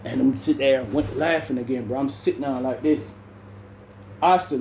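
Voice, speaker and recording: A man's voice: mid-range voice, normal speed, darkish tone, reverberant, slight background noise. A young man, telling a story casually and saying "bro" constantly. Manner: laid-back, says "bro" constantly, acts out other people's lines. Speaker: vlogger.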